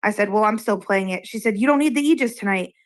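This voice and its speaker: A woman's voice: mid-range voice, fast. A woman from Massachusetts, a regular on the show, casually retelling an argument from an online game, quoting back and forth and swearing. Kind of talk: casual chat, storytelling.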